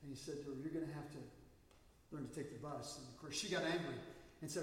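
Male pastor, slightly high voice, emphatic sermon delivery; distant mic in a reverberant sanctuary. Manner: emphatic, draws out key words slowly. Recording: echoey hall, mic at a distance.

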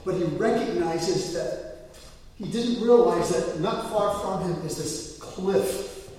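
A male pastor preaching a sermon in a church, storytelling with swings to loud excited peaks. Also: sits high, takes it slowly, recorded from a distance. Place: church sanctuary. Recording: echoey hall, mic from afar.

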